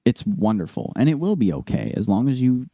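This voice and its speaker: Man telling a story, mellow dry voice. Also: medium pitch, a little fast, gravelly, no echo. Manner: animated storytelling, acts out quoted people. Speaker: podcast co-host. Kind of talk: casual podcast chat.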